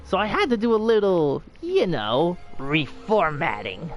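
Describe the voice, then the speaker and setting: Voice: mid-range voice, sing-song, unhurried, faint music behind. A streamer voicing Monokuma, a gleeful cruel bear. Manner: mocking, sing-song, laughs often. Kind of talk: let's play voice reading.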